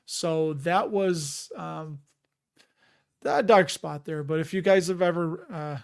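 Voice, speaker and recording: A man's voice: a little high, takes it slowly, gravelly. A man with a Chicago accent hosting a casual live stream, rambling and chatty and often laughing as he reads out viewer comments.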